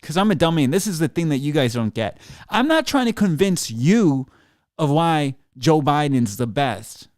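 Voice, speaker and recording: This podcast host's voice runs on the high side, sing-song and a little mellow, at normal speed with no echo. Alone in a small studio, he rants at listeners with sarcasm and profanity, using a desk mic in front of a computer.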